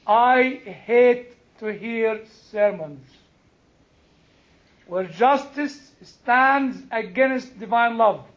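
A male preacher giving an animated sermon, questioning his congregation, exclaiming and laughing as he teaches. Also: very high voice, highs cut off.

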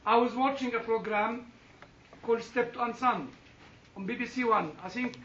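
A man's voice: very high-pitched, normal speed, fairly bright tone, a little hiss or hum. A man telling an anecdote to a listening audience, often chuckling and restarting his sentences, recorded from a distance in a roomy space. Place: room with an audience. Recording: roomy, distant, dull sound.

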